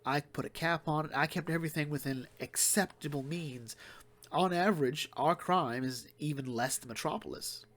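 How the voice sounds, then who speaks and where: A man's voice: a little high, a bit bright. Man rambling through a comic review. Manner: rambling, retells plots quickly with fillers and restarts. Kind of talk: casual solo commentary.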